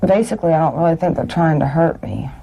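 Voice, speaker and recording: A young woman under hypnosis, describing what she sees in a halting, hesitant way. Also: low voice, animated, creaky, mellow, slight background noise, poor audio. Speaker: hypnosis subject.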